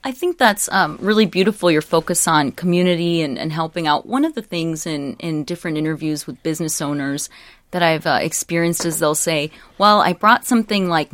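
A woman's voice: sits low, brisk, no echo. A woman interviewing a restaurant owner, asking encouraging questions with some fillers. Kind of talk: conversational interview.

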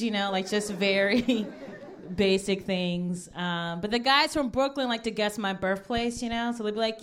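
A woman in her thirties, from Ohio, doing a stand-up set on stage to a live audience. She talks in a laid-back, wry way at a mid-range pitch and drops in plenty of fillers between jokes. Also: a little slow, a faint crowd. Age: 30s. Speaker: stand-up comedian.

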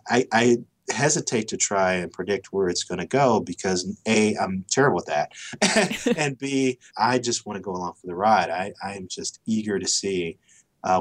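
A man as a podcast guest, speaking thoughtfully and often repeating words as he starts a thought. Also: low-pitched. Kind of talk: casual podcast interview.

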